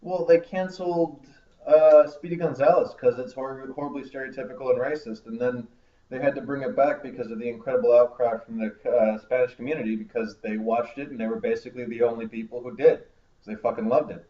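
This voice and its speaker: A man's voice: medium pitch, steady tone, fast talker. A man co-hosting a casual podcast discussion, joking sarcastically and swearing freely. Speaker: podcast co-host. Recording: roomy, distant lo-fi home recording.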